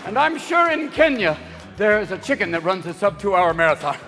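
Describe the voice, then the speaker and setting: A man doing stand-up comedy, switching rapidly between voices and shouting punchlines before a live audience. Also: high voice, sing-song. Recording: live stage mic with music and crowd laughter.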